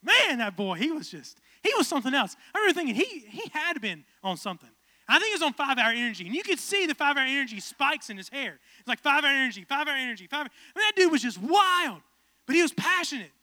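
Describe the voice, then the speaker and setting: Male pastor, 20s, storyteller turned fervent preacher; very high pitch, dry close sound. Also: fast talker, no echo. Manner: casual, animated storytelling building to fervent preaching. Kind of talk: storytelling sermon.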